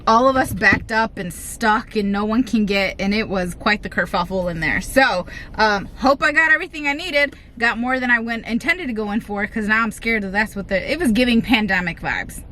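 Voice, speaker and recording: A woman's voice: medium pitch, animated, moderate pace, hardly any pauses, bright, forceful tone, a little hiss or hum. A young woman vlogging casually at home in her kitchen, chatty and rambling, often restarting her sentences. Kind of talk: casual chat to camera.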